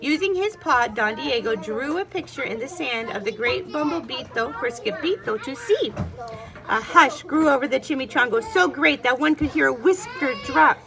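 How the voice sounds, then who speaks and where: A preschool teacher reading a children's storybook aloud, animated and expressive, pausing to ask the child questions. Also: female voice, high voice, creaky.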